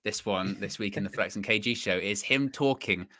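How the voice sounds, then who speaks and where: A man's voice: on the low side, normal speed, sharp tone, no room sound. A young man hosting a football fan live stream, chatting casually, bantering and plugging the channel. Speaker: host of a football fan show.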